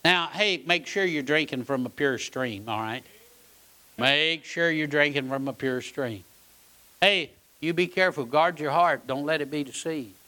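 Preacher guy, bright, kinda high voice, folksy and punchy. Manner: folksy, emphatic preaching with repeated phrases and "all right?". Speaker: pastor; Bible college teacher. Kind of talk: sermon.

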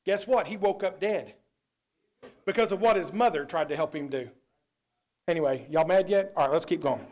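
A man preaching a sermon, swinging between loud declarations and low, quiet asides. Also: fairly quick.

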